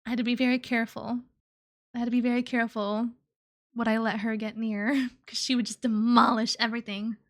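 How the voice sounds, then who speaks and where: A young woman streamer chatting playfully with her live chat, giggly and cutesy. Her voice sits high and sounds bright and sharp. She drifts into baby talk and reads messages aloud between laughs. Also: flat delivery, a little fast. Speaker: VTuber streamer.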